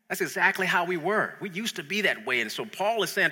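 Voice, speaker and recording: A man delivers a lively, conversational sermon. His voice sits high and sounds piercingly bright, with a husky edge. A long hall reverb trails every phrase. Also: a little fast, hardly any pauses. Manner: animated, conversational preaching with repeated words. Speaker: preacher.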